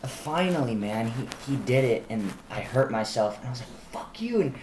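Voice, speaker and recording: A young man in casual podcast chat, telling anecdotes in an animated way and acting out the people in them. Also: mid-range voice, fairly quick. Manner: animated storyteller who acts out the people in his stories. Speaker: podcast co-host. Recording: echoey room, faint room noise.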